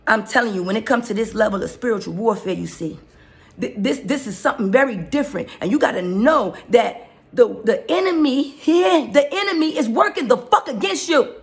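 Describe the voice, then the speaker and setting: A woman delivering a fiery, profanity-laced spiritual rant, preaching and often shouting. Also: a little high, animated, a little fast. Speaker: spiritual speaker.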